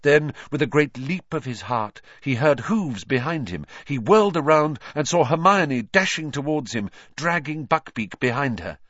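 A male audiobook narrator with a fairly high voice reads a fantasy novel with a lively, animated delivery and dramatic pauses. The sound is dry, close, and echo-free, slightly dull and lo-fi.

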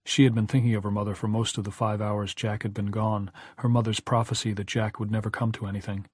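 A man reading a novel aloud as an audiobook narrator, in a measured, even storytelling manner. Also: fairly low pitch, slightly rough, no echo, clean studio sound. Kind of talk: scripted narration.

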